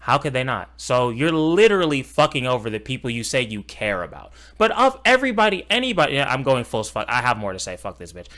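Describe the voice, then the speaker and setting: A man reacting live to a video, cursing and mocking in a heated rant. His pitch leaps widely, from loud outbursts down to muttered asides. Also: sing-song, quick pace, hardly any pauses.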